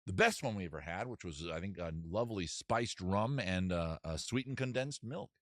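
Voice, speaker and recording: A man's voice: sits low, expressive, normal speed, dry recording, clean studio sound. A man hosting a comedy livestream, rambling and self-mocking in a casual chat style. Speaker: host.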